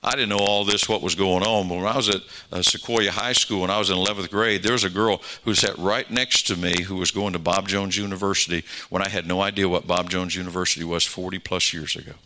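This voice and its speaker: Bright-voiced preacher man. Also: low-pitched, steady tone, fast talker, few pauses. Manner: storytelling preacher, acts out dialogue, rising to fervent exhortation. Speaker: pastor. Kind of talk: sermon.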